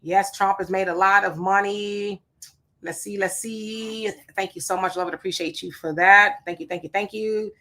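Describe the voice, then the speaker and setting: A woman's voice: mid-range voice, steady tone, normal speed, sharp tone. A woman hosting a casual livestream, greeting viewers by name and chatting about their comments with rhetorical questions and asides. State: sweating. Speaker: livestream host.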